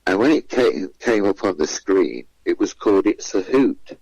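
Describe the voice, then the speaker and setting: Low-voiced man telling a story. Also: lively intonation, moderate pace, a little mellow, breathy edge, no echo, poor audio. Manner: chatty, acts out quoted voices. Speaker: guest comedian. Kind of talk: anecdotal storytelling. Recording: radio interview.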